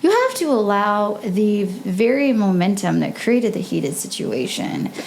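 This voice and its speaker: A woman's voice: medium pitch, big pitch swings, a little slow, gravelly, a little mellow. A woman guest on a podcast giving impassioned advice, emphatic and full of rhetorical questions.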